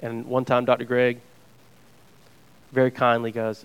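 A man's voice: mid-range voice, completely flat delivery, unhurried, smooth, dull audio. A man from Georgia preaching a conversational sermon as a Bible teacher, restarting phrases and checking in with his listeners.

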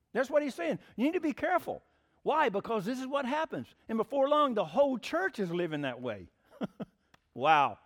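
A man preaching a sermon in a folksy, plainspoken storytelling way. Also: sits high. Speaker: pastor.

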